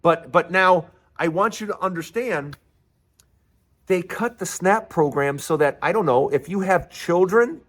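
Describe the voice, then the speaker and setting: A man's voice: high-pitched, measured pace, fairly bright tone. A man hosting his own show in an angry, sarcastic political rant, sometimes mocking others in put-on voices. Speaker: host.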